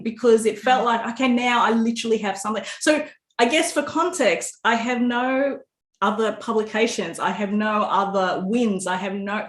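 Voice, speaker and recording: Aussie woman author telling a story, laughy, keeps restarting, echoey room. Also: a little high. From Australia. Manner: animated storyteller, laughs often, many restarts. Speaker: author guest. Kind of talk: casual interview chat. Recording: roomy echo.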